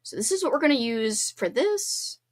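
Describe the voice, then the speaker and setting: Woman live-stream host, casual chatter, higher voice, congested, bubbly and apologetic. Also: very animated, moderate pace. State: congested, sniffling. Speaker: livestream host.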